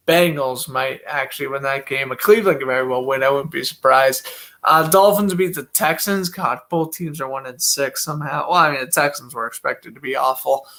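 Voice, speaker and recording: A young man calling football on his own from a home mic, with a slightly high voice. He chats loosely, thinks aloud and fills gaps with ums and uhs. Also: moderate pace, sharp tone. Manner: chatty, thinks aloud, many fillers. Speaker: amateur play-by-play commentator. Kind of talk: casual solo game commentary.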